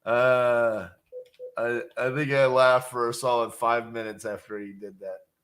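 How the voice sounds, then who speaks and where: Casual, chatty man on calls. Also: medium pitch. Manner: relaxed and chatty, quick laughs, upbeat on calls. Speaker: real estate wholesaler and channel host. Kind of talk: casual live-stream chat and voicemails.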